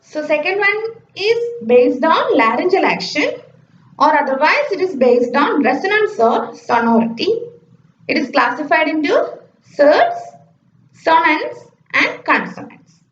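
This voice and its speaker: Woman lecturer, high and very lively pitch, echoey and slightly dull recording. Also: measured pace. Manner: explains step by step, often saying "okay". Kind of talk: slide-based phonetics lecture.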